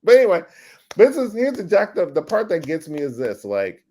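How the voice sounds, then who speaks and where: Animated middle-aged man telling a story. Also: high-pitched, fairly quick. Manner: animated storyteller, swearing, acting out past scenes. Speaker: podcast guest, ad creative director. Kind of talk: casual storytelling interview.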